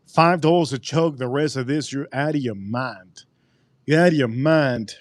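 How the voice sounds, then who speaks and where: A man hosting a casual livestream drink review, rambling and joking with sudden animated outbursts. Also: mid-range voice, unhurried, pauses often, dry recording. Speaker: livestream host.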